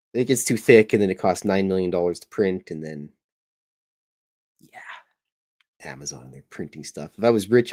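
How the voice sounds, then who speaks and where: A middle-aged man with a low, deep voice rambles along in relaxed, casual chat as he draws. He slips into jokes and teasing jabs at himself, and his talk wanders from one topic to the next. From Canada. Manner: joking, self-deprecating, meandering. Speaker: podcast host and cartoonist.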